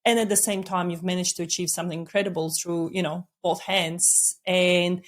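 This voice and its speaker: A woman hosting a podcast, deliberately slowing her speech as she chats with a guest over a video call. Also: fairly low pitch, steady tone. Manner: warm-paced, deliberately slowed speech, laughs often. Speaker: podcast host. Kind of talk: casual interview chat.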